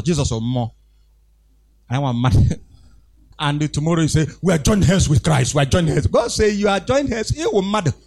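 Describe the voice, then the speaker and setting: Man preaching to his congregation: high-pitched, very animated, repeats his points and calls for responses. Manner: exhorting, call-and-response with the congregation; emphatic, repeats phrases. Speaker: pastor. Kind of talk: preaching a sermon.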